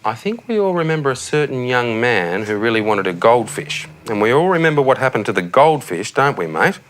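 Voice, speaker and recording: A man with a medium-pitched, fairly bright voice, a little fast and full of big pitch swings, acts in a TV sketch. With an Australian accent he plays a careless, cheerful, tactless suburban dad chatting chummily while putting his son to bed at night, calling him mate.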